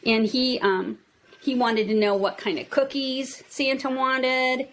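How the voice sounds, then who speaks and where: A woman with a Minnesota accent who owns a toy store tells stories in a casual interview, chatty and animated. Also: sits high, slow, slight background noise. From United States. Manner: chatty, acts out quotes in lively voices. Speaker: toy store owner, guest.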